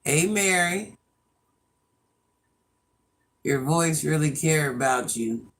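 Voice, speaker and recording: Slow-talking chatty woman telling stories. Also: sits low, expressive. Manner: chatty storyteller, laughs at herself. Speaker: livestream host. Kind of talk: casual livestream chat.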